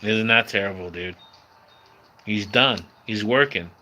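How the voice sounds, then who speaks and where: Slowing down a little, the San Diego, California man speaks on the low side with a bright, forceful tone and a little hiss or hum. He's hosting a casual livestream from home near a screen door, chatting easily with viewers and calling them bro and dude.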